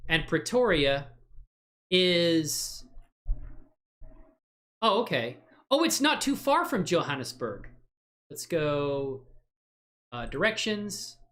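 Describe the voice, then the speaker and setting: Hosting a software livestream, a man chats casually and thinks aloud as he works, rambling, poking fun at himself, and laughing often. His pitch is fairly high and he's very animated, yet he speaks slowly and pauses a lot.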